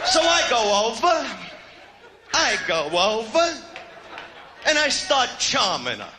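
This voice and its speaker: A brash man works a live comedy club audience, his voice pitched high and swinging widely as he shouts the punchlines. Loud crowd laughter and steady noise fill the recording. He sounds swaggering and crude from start to finish. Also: slow pace, pauses often. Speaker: stand-up comedian. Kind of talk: stand-up comedy routine.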